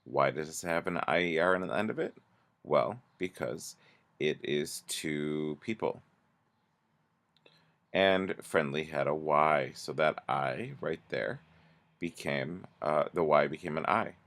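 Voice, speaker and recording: A teacher with a very deep, gravelly voice leads a grammar lesson, speaking slowly and patiently. He pauses often and restarts his sentences as he works through each example, yet his tone stays animated and fairly bright.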